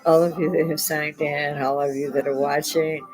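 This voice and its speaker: A woman's voice: deep voice, level tone, moderate pace, over music, rough recording. An older woman hosting a casual live-stream chat from home, chatty and laughing often. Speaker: host.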